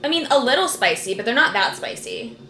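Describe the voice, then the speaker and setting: A woman's voice: a little high, big pitch swings, fairly quick, pushed and bright, slight background noise. A woman streamer giving casual let's play commentary, chatty and gushing, with plenty of "like". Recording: roomy, game music behind.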